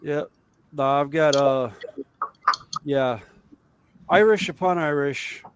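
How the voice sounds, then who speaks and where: A man chatting casually on a livestream, telling jokes and stories with many pauses and fillers. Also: fairly high pitch, noisy background.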